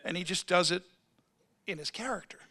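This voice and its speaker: A middle-aged male actor at a convention panel spins a rambling story in a high, bright, forceful voice, talking a little fast. He keeps stopping and restarting his sentences and acts out what other people said.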